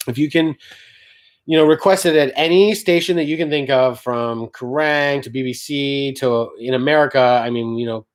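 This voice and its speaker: A woman in a casual livestream chat, joking loudly and swearing freely. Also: rumbling low, fairly even intonation, normal speed. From Canada. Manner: loud, joking, swears, laughs hard. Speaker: band member hosting a livestream chat.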